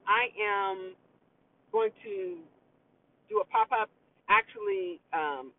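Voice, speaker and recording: A woman with a New York accent hosting a podcast, talking casually and emphatically to her listeners, often repeating words. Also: medium pitch. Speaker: podcast host. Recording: tinny phone-like sound, distant from mic.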